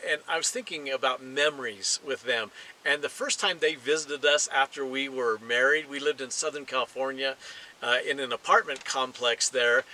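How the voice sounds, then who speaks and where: A middle-aged man preaching a sermon, emphatic and deliberate, slowing down to stress key phrases. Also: mid-range voice, pushed and bright, rough recording. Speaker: pastor.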